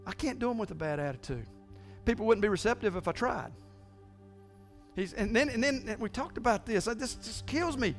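Middle-aged male pastor, fairly high voice, earnest sermon delivery, soft music underneath. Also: expressive, moderate pace. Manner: earnest, confessional, urges a quiet congregation. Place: church sanctuary.

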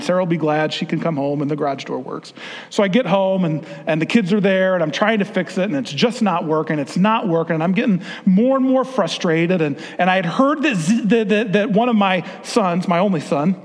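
A man giving an earnest, conversational talk to fathers, sermon style, with frequent restarts. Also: high-pitched. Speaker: speaker addressing fathers. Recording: long hall reverb.

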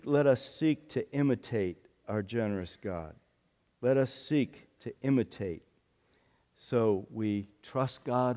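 A man's voice: mid-range voice, dark tone. Earnest man preaching in a reverberant hall. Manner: earnest, repeats phrases for emphasis. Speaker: pastor. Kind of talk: sermon.

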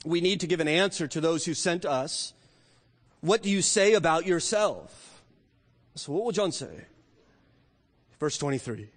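High-voiced man preaching in a reverberant hall. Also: lively intonation, a little slow, long pauses. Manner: emphatic, with rhetorical questions and swings from loud to quiet. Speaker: pastor. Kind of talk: sermon. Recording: long reverb of a large hall.

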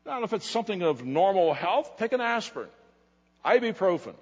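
A man preaching a sermon in a slightly high, husky voice that climbs and falls a great deal. He swings between emphatic lines and quiet asides. The dull, lo-fi recording carries a long reverb from a big hall. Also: sing-song, brisk. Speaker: pastor.

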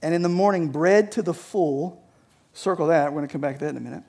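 A man with a high voice preaching to his church. He talks conversationally, restarting phrases and often checking in with the listeners. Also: fast, creaky, darkish tone, breathy edge. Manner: conversational, repeats words, often asks "right?". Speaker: pastor. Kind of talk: sermon.

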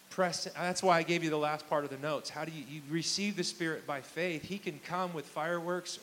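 In a church hall before a live congregation, a pastor in his thirties preaches in a conversational, emphatic style, often putting questions to the people. His voice is a little high and a bit bright. The audio is poor, with slight background noise.

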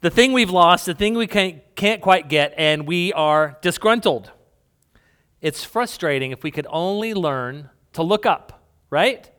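A male pastor with a smooth, clear voice that sits fairly high for a man. He preaches in a relaxed, conversational way, joking with the congregation between points. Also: a little slow. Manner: conversational, playful asides to congregation. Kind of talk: sermon. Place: church hall with congregation.

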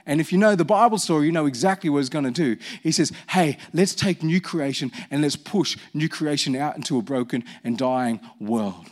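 High-voiced male pastor preaching. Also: fairly quick, few pauses. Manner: conversational, rhetorical questions to the congregation. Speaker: senior pastor. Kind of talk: sermon.

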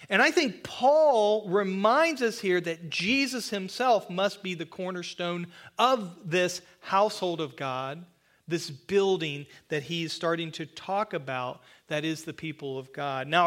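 A man with a notably high voice preaches to his congregation in a church sanctuary. He is earnest and slows right down to stress key phrases, with a bit of self-deprecating humor along the way. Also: fairly bright tone. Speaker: pastor. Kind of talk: sermon.

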